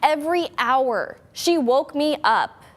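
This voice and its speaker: A woman on a local weather team chats in a studio, telling lively stories with an easy, animated flow. Her voice sits a little above the usual pitch for a woman. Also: takes it slowly. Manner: chatty, animated storytelling. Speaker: TV meteorologist co-host. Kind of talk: casual studio chat.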